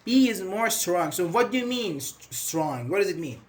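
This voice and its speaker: A man teaching an online grammar class, explaining slowly with everyday examples, repeating phrases and acting out short quotes. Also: high voice, big pitch swings. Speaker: English teacher.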